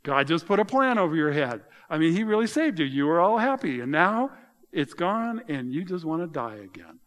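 A middle-aged man preaching a sermon, animated and often exclaiming with mocking asides. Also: fairly high pitch, normal speed. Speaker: pastor.

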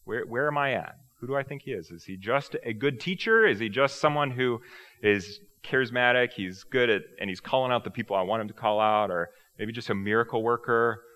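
A man preaching a sermon in a relaxed, conversational way, asking rhetorical questions and joking at his own expense. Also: medium pitch, fairly quick. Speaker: pastor.

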